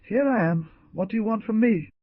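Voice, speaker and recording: A man voicing a brash, mocking male frontier outlaw who shouts taunts. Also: high-pitched, animated, a little fast, no room sound, voice pushed up. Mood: defiant. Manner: taunting, loud. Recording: dull dry lo-fi.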